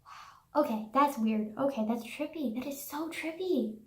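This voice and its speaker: A young woman rants straight to the camera, sarcastic and profane, with "like" in nearly every phrase. Her voice sits a little high for a woman. The room around her is bare and echoey. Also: moderate pace, darkish tone. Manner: profane, sarcastic, says "like" constantly. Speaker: vlogger. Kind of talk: casual ranting monologue.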